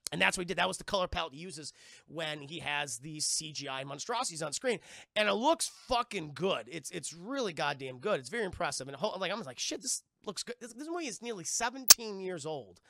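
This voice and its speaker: A man casually reviewing a film for his stream's chat, with a profane, rambling, animated way of retelling scenes. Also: on the high side, fairly quick, gravelly, no echo, studio quality.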